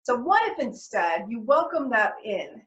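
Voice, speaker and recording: A woman's voice: on the high side, big pitch swings, measured pace, a bit bright. A woman talking casually as a parenting stress coach, chatty, full of "like" and "right?", and swearing freely. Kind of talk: casual self-help talk to camera. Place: home office. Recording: echoey room, dull lo-fi sound.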